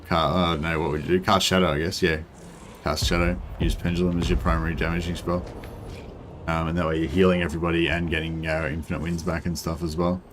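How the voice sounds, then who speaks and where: Australian male game streamer, young adult, deep voice, rambly casual delivery with lots of fillers, faint hiss under the desk mic. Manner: rambling, filler-heavy, thinking aloud. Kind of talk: casual gameplay commentary, answering chat.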